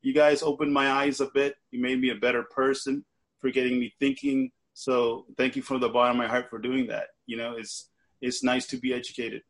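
Husky American man on a video call. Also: mid-range voice, brisk. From United States. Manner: animated and joking, breaks into laughter. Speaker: guest in online book club. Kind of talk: casual discussion.

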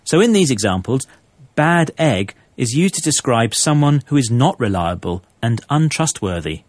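A man hosts a scripted lesson with a lively, expressive delivery, explaining each phrase clearly with frequent chuckles. His voice is recorded close and dry in a studio. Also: medium pitch, moderate pace, no room sound, soft background music. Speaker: presenter.

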